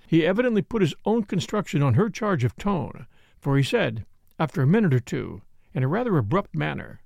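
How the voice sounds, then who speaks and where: A man reading a novel aloud in a measured, expressive narration. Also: a little high, creaky, no echo. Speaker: audiobook reader. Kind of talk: scripted narration.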